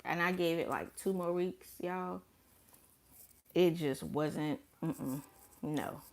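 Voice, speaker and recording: A woman's voice: low-pitched, takes it slowly, gravelly. A young woman telling a story to her vlog camera in casual chat, blunt and profane, acting out her own remarks with big swings in her voice. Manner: animated, blunt and profane, with dramatic quoted asides. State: pregnant. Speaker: vlogger.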